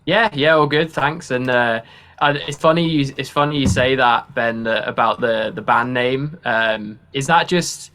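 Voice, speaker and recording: An easygoing male guest ribs his bandmate in a friendly, teasing way. His voice sits at an ordinary middle pitch. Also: unhurried, sharp tone. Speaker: band member, guest. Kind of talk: casual interview chat.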